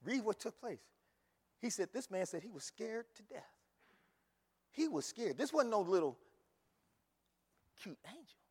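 Male preacher, high lively voice, sermon in a reverberant church. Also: unhurried, pauses often, breathy edge. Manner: animated, repeats phrases, rises to shouts. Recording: long hall reverb.

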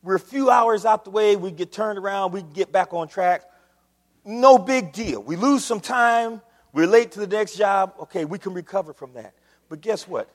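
A man preaching a sermon, telling a story dramatically and swinging between hushed asides and emphatic lines. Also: high voice, moderate pace, big-room sound.

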